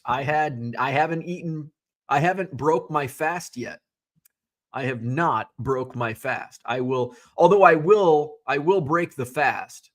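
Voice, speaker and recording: A middle-aged man hosting a casual livestream, telling stories in a profane, animated way and answering viewers. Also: fairly high pitch. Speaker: livestream host.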